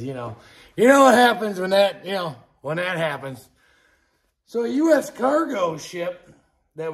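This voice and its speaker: A middle-aged man hosting a podcast, ranting angrily and profanely about politics, dropping from low mutters to outbursts while drinking beer. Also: gravelly. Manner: angry, profane, swings between muttering and shouting. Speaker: podcast host.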